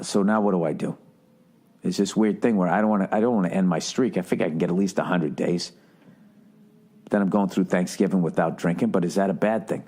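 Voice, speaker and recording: A man's voice: on the low side, darkish tone. A middle-aged man hosting his own podcast, riffing sarcastically in a profane, rambling comedic monologue. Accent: Boston. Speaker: podcast host.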